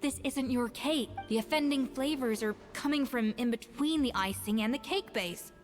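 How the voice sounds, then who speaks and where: A woman voicing a composed head chef in a video game, calm and measured, gently reproving. Her voice sits somewhat high. The game audio carries a long reverb, with faint music behind. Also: close to an everyday voice.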